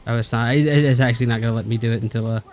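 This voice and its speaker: A man's voice: medium pitch, steady tone, racing, a little mellow. A male streamer giving casual gameplay commentary, sarcastic and muttering, with some swearing.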